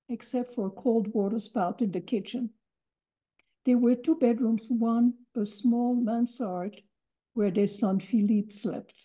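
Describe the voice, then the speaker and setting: A woman in her eighties from Belgium, reading a prepared memoir talk in a deliberate, measured way. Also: on the high side. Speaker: Holocaust survivor speaker. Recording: dull lo-fi recording.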